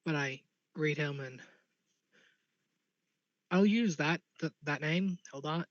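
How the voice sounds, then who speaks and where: A man playing in a tabletop game, speaking in a thoughtful, measured way. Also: on the high side, dry recording, lo-fi sound. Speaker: player.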